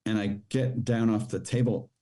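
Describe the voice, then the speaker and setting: A man speaking as a podcast guest, giving a personal testimony in plain, halting storytelling with fillers. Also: lowish voice, fairly even intonation, warm tone.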